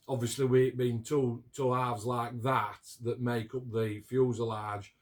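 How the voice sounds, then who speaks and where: A Yorkshire man from Barnsley talking in a loose, rambling way, with plenty of restarts and broad dialect phrasing. His voice sits at an ordinary middle pitch. It sounds like an easygoing hobby chat to camera. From England. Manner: rambling, chatty, with many restarts and dialect grammar. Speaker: scale model builder and YouTuber. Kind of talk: casual chat.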